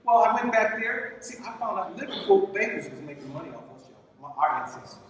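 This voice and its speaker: A man giving an animated motivational speech at a conference, calling out to the crowd and repeating phrases in a preacher-like way. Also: sits high, fast. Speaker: conference speaker. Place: large conference hall. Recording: echoey hall from far off, faint noise.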